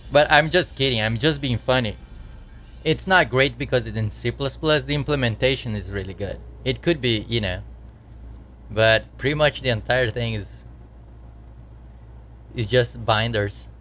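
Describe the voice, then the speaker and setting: A man's voice: mid-range voice, moderate pace, long pauses, fairly bright tone, slight background noise. A man chatting casually while he codes on a live stream, talking to his viewers and laughing at his own troubles. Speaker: game developer streaming his work.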